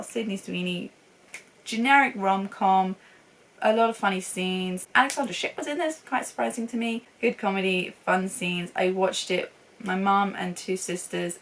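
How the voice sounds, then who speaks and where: A woman's voice: mid-range voice, a bit bright. Chatty young woman, distant mic. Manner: chatty and enthusiastic, with frequent laughs. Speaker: film reviewer. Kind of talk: casual chat.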